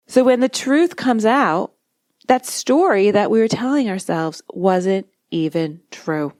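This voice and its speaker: Calm, measured woman hypnotist, dry sound. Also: mid-range voice, no echo. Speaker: hypnotist and podcast host. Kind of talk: instructional podcast monologue.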